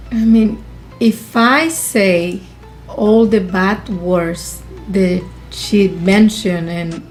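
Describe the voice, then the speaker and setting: A woman from the Dominican Republic, a native Spanish speaker, reacting on a show in a soft-spoken, hesitant way. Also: medium pitch. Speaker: co-host. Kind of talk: casual reaction commentary.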